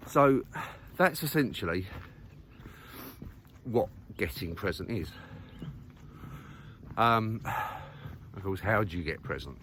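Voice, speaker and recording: A man's voice: low voice, animated, slow pace, pauses often, noisy background. Man rambling on a country walk. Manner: rambling, many fillers, thinking aloud. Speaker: vlogger. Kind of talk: casual walking monologue. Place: outdoors on a muddy countryside walk.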